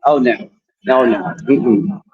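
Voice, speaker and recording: A man's voice: medium pitch, takes it slowly, phone-quality sound. A man hosting a live talk stream, commenting bluntly and skeptically with laughing asides. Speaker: host.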